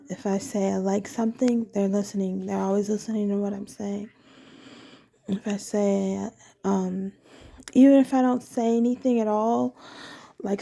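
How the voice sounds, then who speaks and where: A woman's voice: medium pitch, creaky, mellow. A woman talking in a casual, meandering personal monologue, candid and often correcting herself mid-sentence.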